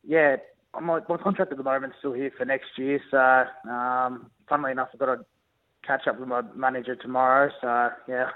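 A young Australian man, a rugby league player, chatting easygoingly in a phone interview, halting with many ums and restarts. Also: mid-range voice, fairly even intonation. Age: young adult. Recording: tinny phone line.

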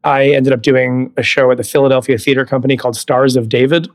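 A man's voice: medium pitch, flat delivery, fast talker. A man in his thirties from California, a guest on an interview podcast, telling stories animatedly, laughing often and acting out quoted dialogue. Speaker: guest, Broadway actor. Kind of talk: casual interview chat.

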